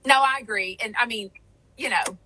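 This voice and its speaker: A woman's voice: on the high side, moderate pace, sharp tone, slightly rough, low-quality recording. A woman hosting a podcast, chatting casually in a rambling way with lots of fillers. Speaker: podcast host. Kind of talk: casual chat.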